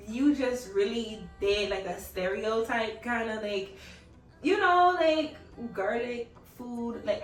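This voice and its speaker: Young woman, casual storytime, chatty, swears a lot, highish voice, echoey room, a bit off-mic. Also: a bit bright, far from the mic. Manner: chatty, swearing, laughing, quoting in a raised voice. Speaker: vlogger.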